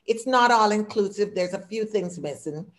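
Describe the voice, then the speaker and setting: A woman's voice: mid-range voice, normal speed. A woman in her sixties with an accent, talking through a workshop presentation on a video call in short, listed phrases. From immigrant. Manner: warm, talkative, speaks in short lists; audible non-native English accent. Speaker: diversity consultant and workshop speaker.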